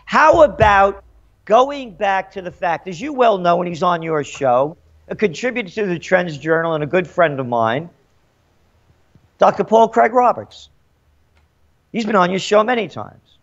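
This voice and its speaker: A man with a high, expressive voice speaks a little slowly with long pauses in an animated interview as a trends forecaster. He's emphatic and indignant, firing off rhetorical questions, and the recording sounds dull and lo-fi.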